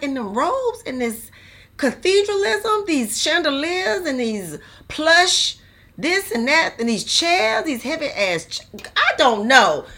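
Lady ranting through a funny story, bright sharp voice, kinda high, loud and slangy. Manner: animated, exaggerated, slangy. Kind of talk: casual storytelling monologue to viewers.

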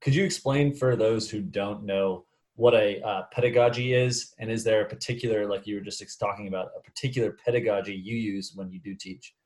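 A man's voice: on the low side, steady tone, brisk, few pauses, a little mellow. A man asking an interviewer's questions briefly and encouragingly, a little off the microphone.

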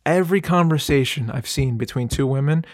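A man chatting casually on a podcast, telling animated stories, acting out quotes, swearing and laughing often. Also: medium pitch, fairly quick, no room sound, studio quality. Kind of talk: casual chat.

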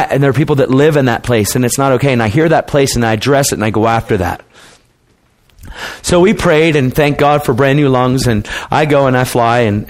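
A preacher, a man, shares a testimony in a relaxed, conversational tone. He slips into the voices of the people in his story as he tells it. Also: medium pitch. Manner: casual and conversational, calls people man and dude; acts out quoted people in dialogue.

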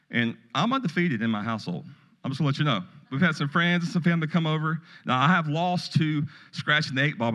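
A man's voice: mid-range voice, a bit bright. Man preaching in a reverberant hall. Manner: folksy, conversational preaching with storytelling asides. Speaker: pastor. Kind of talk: sermon.

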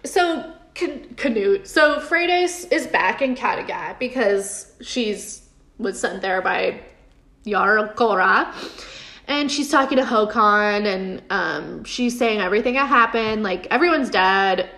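A woman's voice: medium pitch, expressive, takes it slowly, sharp tone. A young woman casually recapping a TV episode, sarcastic and swearing, often laughing and mocking the characters. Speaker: show recap host.

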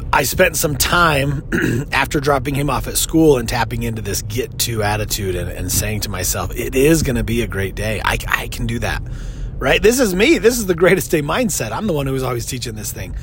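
On his solo podcast, a thirty-something life coach talks in a medium-pitched voice, earnest and reflective in a casual way. He pauses and restarts as he goes, and there is noise in the background.

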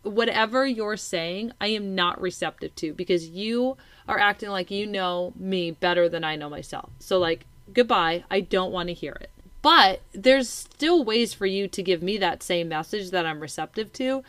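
A woman's voice: mid-range voice, normal speed, few pauses, no echo. A woman in her thirties, a mother co-hosting a casual chat, talking animatedly and acting out what kids and parents say. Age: 30s. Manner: animated, acts out kids' and parents' lines. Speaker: podcast co-host, mother.

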